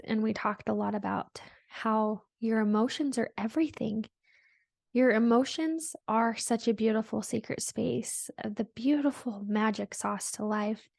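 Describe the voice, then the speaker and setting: A woman's voice: fairly high pitch, gravelly, no room sound. A woman hosting a spiritual podcast, talking in a meandering, reflective way with many fillers. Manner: meandering, reflective, soft-spoken with frequent "like" fillers. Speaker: podcast host. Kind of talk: casual spiritual monologue.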